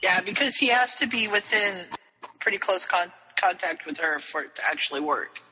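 Man co-host, high and very sharp voice, reverberant room sound, explains the plot. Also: expressive, breathy edge. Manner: explains plot points, quick agreeing interjections. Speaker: podcast co-host. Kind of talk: casual chat recapping a story.

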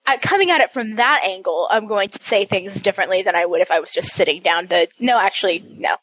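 A woman's voice: mid-range voice, quick pace, fairly bright tone, no room sound, poor audio. A woman co-hosting a podcast, chatting casually with self-mocking humor and eager recommendations. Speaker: podcast co-host.

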